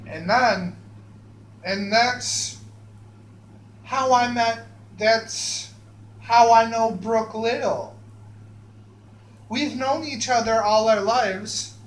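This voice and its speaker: High-voiced man rambling in an echoey room. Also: drawn-out words, pauses often. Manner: profane, stammering with many restarts. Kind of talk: rambling personal story. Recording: echoey room with faint hum.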